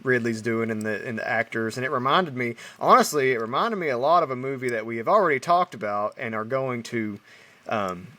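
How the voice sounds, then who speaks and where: A man's voice: medium pitch, lively intonation, a little fast, bright, forceful tone, no room sound, far from the mic. A man co-hosting a film podcast in casual chat, rambling and hesitant with many restarts. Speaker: podcast co-host.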